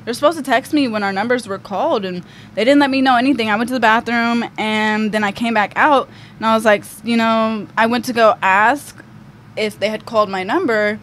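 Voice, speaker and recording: A young woman with a somewhat high voice tells a personal story as a podcast guest. She rambles casually, leaning on "like" and "um". A faint hiss of background noise sits under the recording. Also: steady tone, a little fast, fairly bright tone. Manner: chatty, full of fillers like "like" and "um".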